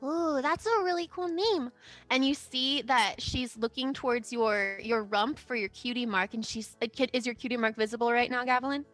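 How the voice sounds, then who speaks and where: A woman's voice: on the high side, steady tone, fairly quick, few pauses, fairly bright tone, faint music behind. A woman narrating a tabletop game as game master, with many fillers and giggles.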